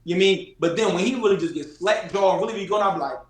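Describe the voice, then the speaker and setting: A man's voice: high voice, fast, roomy sound. A man with a Philadelphia accent hosting a casual chat, slangy and emphatic, repeating his points. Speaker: podcast host.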